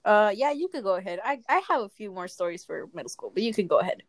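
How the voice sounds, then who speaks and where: A woman's voice: mid-range voice, big pitch swings, fast. A young woman chatting casually, hesitating and laughing, often losing her train of thought. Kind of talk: casual chat.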